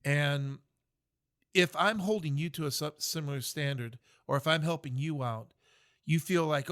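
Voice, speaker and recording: A man's voice: on the high side, moderate pace, a bit bright. Earnest middle-aged veteran man. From United States. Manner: earnest, reflective, many fillers and restarts. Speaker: guest, military veteran. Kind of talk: podcast interview.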